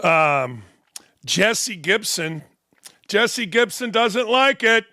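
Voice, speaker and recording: A man's voice: high voice, expressive, very slow, sharp tone. A man in his sixties hosting a show, ranting in a mocking, sarcastic way with heavy emphasis. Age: 60s. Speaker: host. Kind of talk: sarcastic commentary rant.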